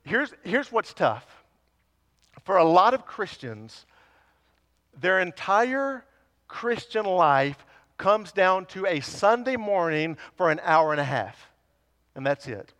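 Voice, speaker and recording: A man's voice: high-pitched, sing-song, slow, pauses often, fairly bright tone, big-room sound. A man preaching a sermon to his congregation. He talks conversationally and teases the listeners, then builds to emphatic repeated lines. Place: church sanctuary.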